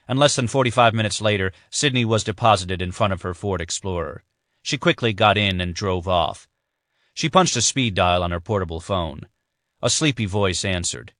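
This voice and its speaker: Man, audiobook narrator, scripted narration, measured, low voice, dry sound. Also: fairly bright tone, no echo.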